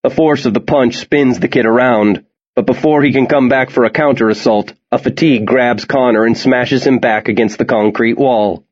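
A man narrating a story with steady, tense storytelling. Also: medium pitch, moderate pace, muffled recording. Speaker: audiobook narrator. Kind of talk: scripted narration.

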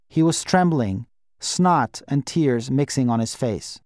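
A man reading a novel aloud in first person, quiet and measured. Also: medium pitch, no echo, clean studio sound. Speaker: audiobook narrator.

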